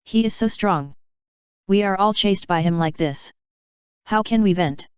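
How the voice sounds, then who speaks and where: Woman reading a sly male pirate mate, smooth, muffled dry sound. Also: mid-range voice, a little slow, no room sound, natural voice. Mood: grumbling. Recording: dull dry lo-fi audio.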